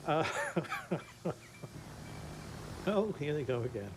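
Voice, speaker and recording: A man's voice: on the high side, big pitch swings, takes it slowly, background noise. A man giving casual commentary over a naval battle game, often breaking into laughter as he talks. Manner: giggly, laughs often through his commentary. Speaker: gameplay commentator.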